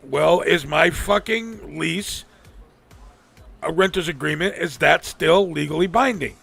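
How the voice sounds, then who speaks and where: A man's voice: fairly high pitch, measured pace, vocal fry, fairly bright tone, slightly rough, soft background music. A man hosting a live stream, venting angrily and profanely, mocking the people he quotes. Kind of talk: ranting casual talk.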